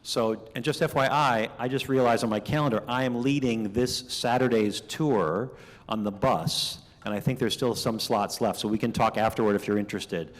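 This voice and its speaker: A man's voice: mid-range voice, moderate pace. Chatty male keynote speaker in a reverberant hall. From Minnesota. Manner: chatty, animated storytelling with asides. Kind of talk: conversational keynote speech. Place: banquet hall.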